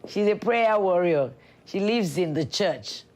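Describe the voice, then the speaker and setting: A woman's voice: lowish voice, expressive, unhurried, darkish tone. A middle-aged woman, an actress turned politician, speaking candidly and reflectively in an interview. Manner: candid, reflective, laughs often. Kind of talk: personal documentary interview.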